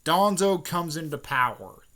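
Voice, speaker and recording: A man casually retelling a fan-made story, rambling, with many fillers and frequent throat-clearing. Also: a little high, lively intonation, unhurried, pushed and bright.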